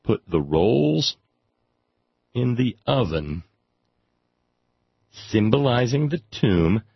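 A man's voice: mid-range voice, sing-song, drawn-out words, gravelly, slightly rough, dry recording. A man reading aloud in a sardonic comic style, with wry, mock-solemn asides. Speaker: comic reader. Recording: dry, slightly dull lo-fi sound.

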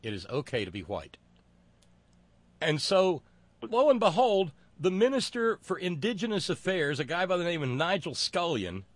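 A man hosting a political talk show, with wry, sarcastic asides and many pauses and fillers. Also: high voice, no room sound.

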